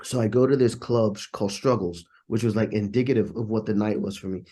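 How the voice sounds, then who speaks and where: A trumpet player, appearing as an interview guest, tells stories in casual conversation and acts out the voices of the people he quotes. His lowish voice is mellow and quick-paced.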